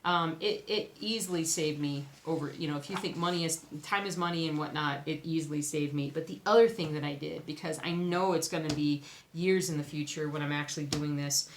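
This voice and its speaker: A woman vlogging casually to camera about her cross-stitch projects, chatty and excitable, often exclaiming. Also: low voice, fairly quick. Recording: echoey room, faint background noise.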